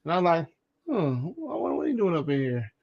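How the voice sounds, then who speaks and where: A man co-hosting a podcast, telling a childhood story in casual chat, animated and acting out the voices in it. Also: high voice, brisk, creaky, muffled recording. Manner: animated, acts out quoted voices, repeats words. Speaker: podcast co-host.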